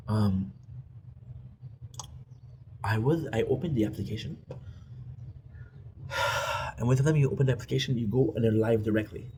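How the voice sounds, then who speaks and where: Guy confessing straight to cam, low mellow voice, keeps saying right?, faint hiss behind. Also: rough recording. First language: French. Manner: candid, repetitive, says "right?" often. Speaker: vlogger. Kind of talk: confessional monologue. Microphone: self-recorded.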